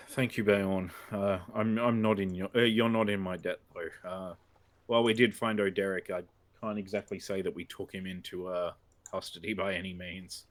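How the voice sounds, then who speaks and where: A man's voice: low voice, fairly even intonation, moderate pace, natural voice. A man playing an earnest, hesitant adventurer. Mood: candid. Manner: hesitant, full of ums and uhs. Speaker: player. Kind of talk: in-character tabletop role-play.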